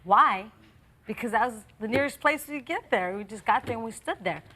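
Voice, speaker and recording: A woman's voice: fairly high pitch, animated, normal speed, bright, forceful tone. A young woman testifying as a litigant in court, defensive and arguing back at the judge.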